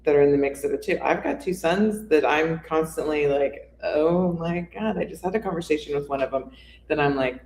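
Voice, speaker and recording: A woman's voice: low voice, brisk, a little mellow, slight background noise. Woman co-host asking questions, echoey room. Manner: conversational, asks probing questions. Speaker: coach and co-host. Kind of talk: casual interview chat. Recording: roomy echo.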